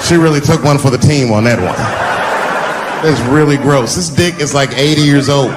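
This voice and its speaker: A man's voice: medium pitch, normal speed. A middle-aged man doing a stand-up comedy set in a large theater, brash and profane, stretching out his punchlines and slipping into playful voice shifts. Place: large theater with live audience. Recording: live crowd laughter, background noise. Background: audience laughter and room noise.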